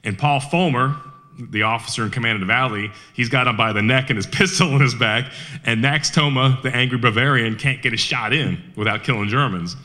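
A man giving a lively storytelling talk about a battle, acting out quick quoted lines of the people in it. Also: medium pitch. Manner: animated storyteller, quick quoted asides in character. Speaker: historian speaker. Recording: radio broadcast of a live talk.

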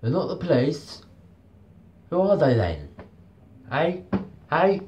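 A man putting on a mock Cockney accent, loudly repeating the same demanding question. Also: a little high, sing-song, slow, highs cut off, a little hiss or hum, pitched above the performer's own voice. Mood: insistent. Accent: put-on Cockney.

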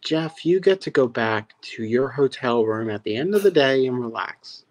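A man's voice: mid-range voice, lively intonation, moderate pace. A man co-hosting a podcast in a casual recap chat, blunt and exasperated, cursing freely. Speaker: podcast co-host.

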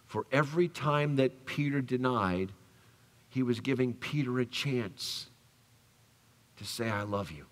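Brief: male pastor, mid-pitched voice, preaching with lively storytelling, church reverb. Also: slow, pauses often. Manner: animated storytelling, acts out quoted voices, drops soft for tender lines. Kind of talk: sermon. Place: church sanctuary.

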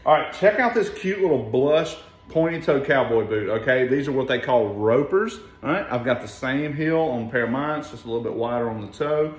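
A playful, chatty man co-hosting a live shopping show, joking his way through each item. His voice sits at an ordinary middle pitch. The sound bounces around an echoey room. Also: expressive, fairly quick, hardly any pauses. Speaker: boutique co-host. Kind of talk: casual live shopping chat.

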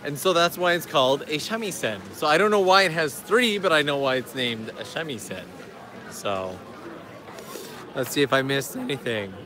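A man's voice: on the high side, animated, moderate pace, a crowd in the background. A man hosting a casual livestream outdoors in a park, chatting and answering viewer questions as he walks. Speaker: livestream host. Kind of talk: casual live-stream chat.

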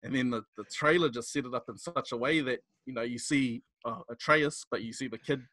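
Animated young man with a New Zealand accent. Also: medium pitch, brisk, no echo, studio quality. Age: young adult. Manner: animated, laughing storyteller. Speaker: podcast guest. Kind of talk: casual chat.

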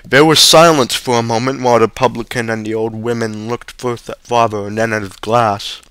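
Clear-voiced man reading a story. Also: medium pitch, moderate pace, no echo. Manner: steady reading with occasional stumbles. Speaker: reader. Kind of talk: reading a short story aloud.

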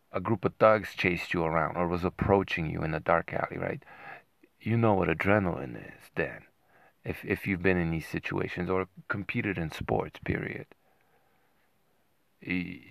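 A man's voice: deep voice, gravelly, a bit bright, no echo. A man giving a sarcastic, combative commentary, constantly asking "right?" as he argues. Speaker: boxing commentator. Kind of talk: ranting commentary to camera.

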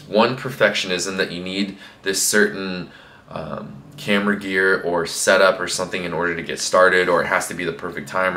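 A man's voice: low voice, pushed and bright, slight background noise. A young man talking casually to camera as a fitness coach, rambling with lots of fillers. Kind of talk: casual motivational talk to camera. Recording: echoey room.

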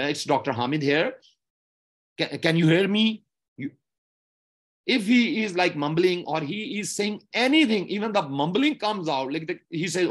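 A man lectures on medical exam steps, his fairly high voice rising and falling a lot. He sounds a bit husky and keeps repeating points and asking "okay?" to check understanding. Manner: repetitive, explanatory, frequent "okay?" checks.

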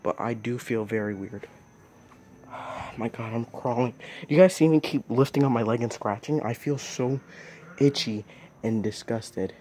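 A man's voice: medium pitch, measured pace, dark tone, slight background noise. A young man vlogging outdoors at night on a phone, narrating casually and exclaiming in squeamish alarm about bugs. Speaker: nature vlogger.

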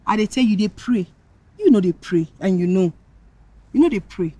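A woman's voice: medium pitch, animated, normal speed, dark tone, slightly rough, no echo. A woman with a Nigerian accent, giving soothing advice in film dialogue. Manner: lecturing, soothing. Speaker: advising friend.

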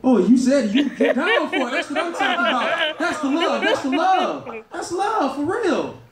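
A male stand-up comedian from Louisiana with a Southern American accent, loud and crowd-working, laughing at his own jokes. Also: extremely high pitch, very animated, normal speed, recorded from a distance. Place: comedy club stage. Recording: echoey club room, heard from afar.

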